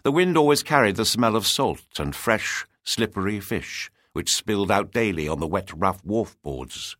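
A man narrating a storybook in an expressive, descriptive reading. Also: fairly low pitch, moderate pace, dry recording, studio quality.

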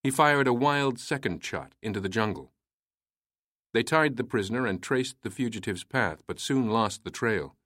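A man reading a historical story aloud in a measured storytelling manner. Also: medium pitch, expressive, a bit bright, no echo, studio quality. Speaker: narrator. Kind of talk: scripted narration.

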